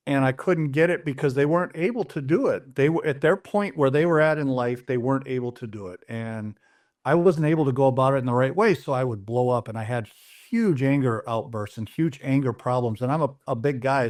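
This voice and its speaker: A middle-aged man telling his personal story in an interview, earnest and plain-spoken, often restarting his sentences as he retells conversations. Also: medium pitch. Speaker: interview guest.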